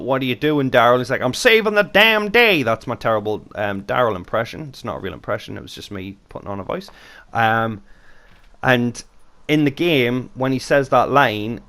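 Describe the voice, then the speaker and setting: A man's voice: mid-range voice, a bit bright. A British man hosting a casual gaming Q and A vlog, talking off the cuff with a chatty, rambling manner. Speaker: YouTube channel host.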